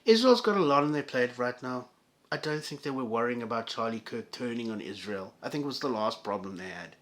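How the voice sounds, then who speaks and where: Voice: mid-range voice, expressive, a little fast. A vlogger delivering an angry, profane solo rant to viewers, with heated stammering restarts.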